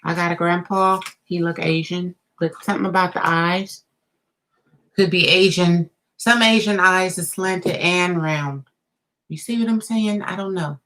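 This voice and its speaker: A woman's voice: on the low side, a little slow, poor audio. A woman giving a live tarot reading, talking straight to the viewer, thinking aloud and reacting with gasps and laughs. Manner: expressive, gasps and laughs as cards turn up. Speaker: tarot reader.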